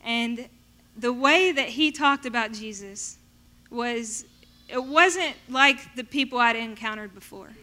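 High bright woman telling her testimony. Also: takes it slowly. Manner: animated storytelling, acting out her past self in quotes. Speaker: speaker sharing a testimony. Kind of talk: personal faith testimony.

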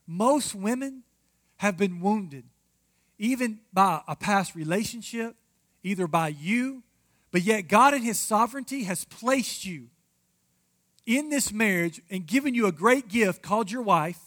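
High-voiced pastor guy preaching on marriage, emphatic, talks right to the ladies and fellas. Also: lively intonation, a little slow, a bit bright. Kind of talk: marriage sermon to a congregation.

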